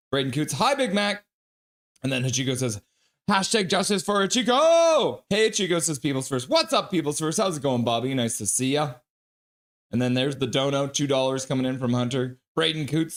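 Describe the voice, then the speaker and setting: A man's voice: on the high side, a bit bright. A man hosting a live hockey stream, chatty and laughing often as he reads out viewers' messages. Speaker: hockey stream host reading chat. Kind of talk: casual live-stream chat.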